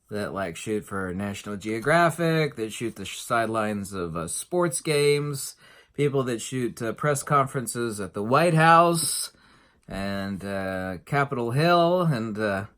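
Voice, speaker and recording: A man's voice: medium pitch, fairly bright tone. A middle-aged man giving an emphatic, sarcastic monologue as a photography vlogger, with frequent fillers and restarts. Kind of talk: opinionated casual monologue.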